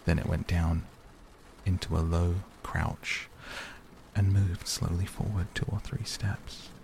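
A man narrating a storybook in a measured, even manner. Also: sits low, vocal fry, a little hiss or hum. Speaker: audiobook narrator. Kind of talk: scripted narration.

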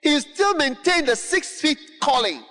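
A man preaching a sermon, emphatic and repetitive, often rising to shouts and calling to the congregation. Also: extremely high pitch, sing-song, a little slow, faint music behind. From Ghana. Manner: emphatic, repetitive, building to shouts, call-and-response. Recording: long hall reverb.

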